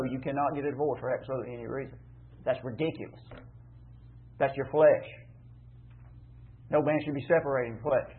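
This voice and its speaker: A man teaching a Bible passage in a conversational sermon, emphatic and repetitive, asking rhetorical questions. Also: mid-range voice. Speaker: preacher teaching scripture. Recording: tinny phone-like line.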